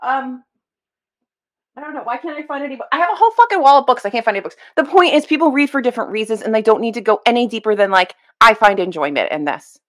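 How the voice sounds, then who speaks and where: A woman's voice: high voice, expressive, very fast. A young woman giving casual, exasperated reaction commentary on a video clip, emphatic and blunt. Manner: exasperated, emphatic, swears and laughs.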